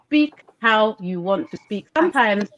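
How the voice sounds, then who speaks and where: On slightly dull lo-fi video call audio with a little hiss or hum, a podcast co-host from Nigeria who lives in Britain makes her case with passion, repeating points for emphasis in a casual discussion. Her mid-range voice is unhurried, a bit bright and lively in intonation.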